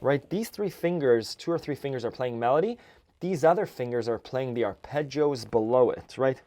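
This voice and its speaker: A man teaching an accordion lesson, explaining chords and counting beats in a relaxed way. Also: medium pitch, moderate pace. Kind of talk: music lesson. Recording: accordion music loud in background. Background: accordion playing.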